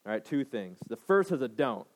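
A man's voice: mid-range voice, sing-song, normal speed. A man in his thirties preaching a sermon to a congregation, emphatic, repeating phrases and checking in with "right?". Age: 30s. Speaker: pastor.

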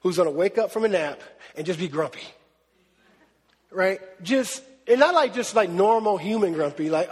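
A man preaching a casual, animated sermon, often checking in with the crowd. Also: high voice, normal speed, slightly rough. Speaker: pastor. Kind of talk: conversational sermon. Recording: long hall reverb.

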